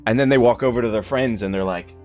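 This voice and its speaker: A young man from Ireland tells a story on a livestream in a casual, animated way, swearing, laughing and acting out the people in it. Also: medium pitch, fast, soft background music. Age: young adult. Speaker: streamer.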